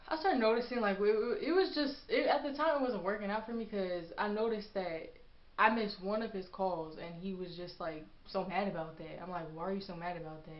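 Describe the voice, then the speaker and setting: Young woman spilling a story on her vlog, sassy, echoey room, kinda muffled. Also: mid-range voice. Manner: animated, acts out quotes with sass. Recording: echoey room, dull lo-fi sound.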